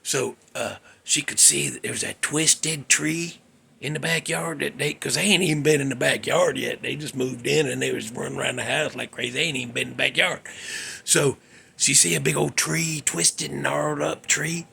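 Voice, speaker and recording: A man hosting his show, telling a ghost story in a drawling, folksy way that drops into hushed whispers. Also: on the high side, steady tone, normal speed, slight background noise. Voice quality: gravelly, raspy. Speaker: show host.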